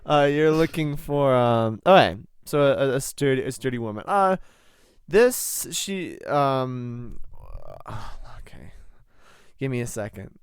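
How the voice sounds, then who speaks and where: A young man running a tabletop game, rambling and often laughing at himself as he improvises. His voice is smooth and resonant, recorded dry and close. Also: medium pitch, huge pitch swings, takes it slowly, dry recording. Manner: giggly, rambling, self-deprecating. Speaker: game master.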